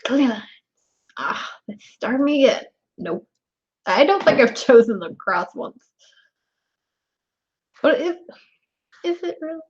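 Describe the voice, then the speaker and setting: A young woman chatting with her live stream viewers, her pitch swinging up and down a lot. She laughs often and talks straight to her chat. The audio is dull and lo-fi. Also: very animated, takes it slowly, pauses often.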